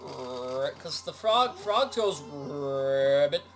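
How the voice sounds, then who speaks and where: Guy doing a slow deep frog voice, drags every word out. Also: expressive, heavily acted. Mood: slow, croaky. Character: slow croaking male frog.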